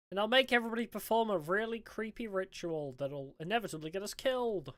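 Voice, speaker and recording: A woman's voice: medium pitch, quick pace, hardly any pauses, no echo. A woman streamer giving sarcastic, joking commentary while playing a horror game. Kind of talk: let's-play commentary.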